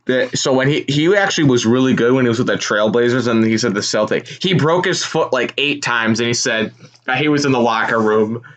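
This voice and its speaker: A man hosting a casual live reaction stream, telling rambling, animated stories. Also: mid-range voice, brisk. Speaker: sports live-stream host.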